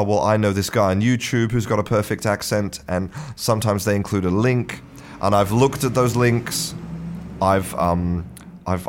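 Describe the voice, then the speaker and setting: Brief: deep-voiced male language teacher, loose unscripted lesson, stumbles and restarts. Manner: hesitant, many restarts, chuckles often. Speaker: English teacher. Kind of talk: casual talking-head lesson.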